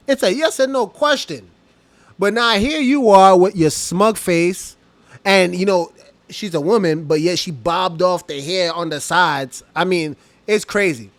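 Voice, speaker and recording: A man giving casual reaction commentary, animated and mocking, laughing as he rants. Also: sits high, dry recording. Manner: animated, laughs and mocks while ranting.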